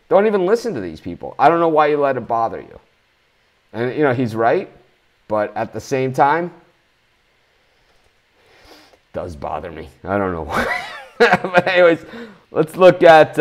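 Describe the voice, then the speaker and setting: A man hosting a live sports betting show, talking bluntly in a ranting, swearing manner. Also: medium pitch.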